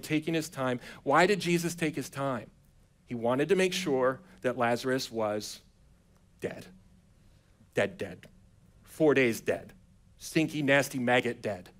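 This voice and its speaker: A man preaching a sermon in a church, retelling scripture in a casual, chatty way and acting out the characters' lines with modern slang. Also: fairly high pitch. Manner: casual storytelling preacher who acts out quotes in a relaxed, modern voice. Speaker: pastor. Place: church sanctuary.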